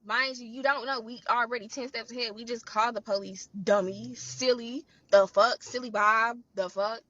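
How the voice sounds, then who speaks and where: A woman telling a profane, animated storytime, acting out the quotes. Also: a little high, normal speed, dry recording, lo-fi sound. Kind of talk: casual storytime vlog.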